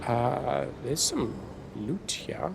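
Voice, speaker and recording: A man streaming a game, giving relaxed, casual commentary and getting excited at what he finds. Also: mid-range voice, very slow, gravelly, noisy background. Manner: relaxed, easily excited, talking to himself.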